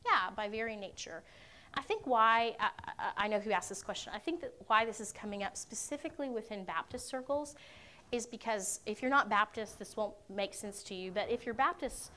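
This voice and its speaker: A woman's voice: medium pitch, brisk, bright, forceful tone. A woman speaking at a conference Q&A, explaining her views earnestly and often checking in with her listeners. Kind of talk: Q&A teaching talk. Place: university conference room.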